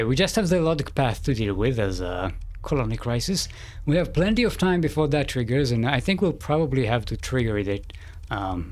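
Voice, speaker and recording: A man streams a video game, thinking aloud as he plays in a rambling, hesitant way and correcting himself along the way. His voice is mid-range, with no room sound.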